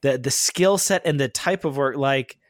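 A man's voice: mid-range voice, normal speed, no room sound, studio quality. A man hosting a casual interview, earnest and a little hesitant, who often restarts his sentences. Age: adult, father of sons. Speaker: podcast host.

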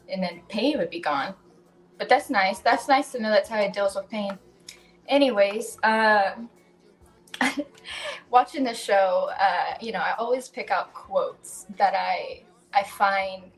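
A woman hosting a podcast in casual chat, talkative, swearing freely and poking fun at herself. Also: mid-range voice. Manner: chatty, swears freely, self-mocking. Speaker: podcast host.

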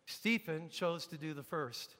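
A man preaching a sermon as pastor, emphatic, dropping to a hush and rising to loud peaks. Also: on the high side, unhurried. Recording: long reverb of a large hall.

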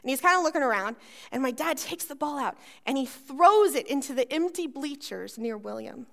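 A woman's voice: high voice, normal speed, gravelly. A woman pastor preaching a sermon, telling a personal story and acting out the voices in it. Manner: animated storytelling, acts out voices.

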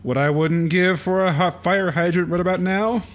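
A man's voice: high-pitched, steady tone, normal speed, pitched above the performer's own voice, natural voice. A man voicing a cocky cartoon male mascot who cracks punny one-liners while reading a comic aloud. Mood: wisecracking.

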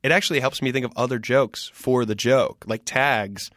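Man, 30s, comedian guest, casual chat, animated storytelling, dry close sound. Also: mid-range voice, no room sound. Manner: animated, quick storytelling with laughs.

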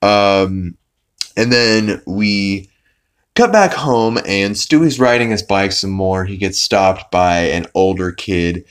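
Deep-voiced man recapping a cartoon. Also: slow, clear, resonant tone. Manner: rambling, swears, many fillers and restarts. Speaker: podcast host. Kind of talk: casual episode recap.

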